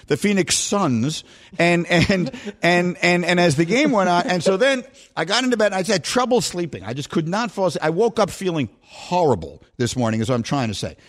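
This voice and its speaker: A man's voice: high voice, expressive, brisk. A man hosting a sports radio show, tired and giddy, laughing and teasing callers.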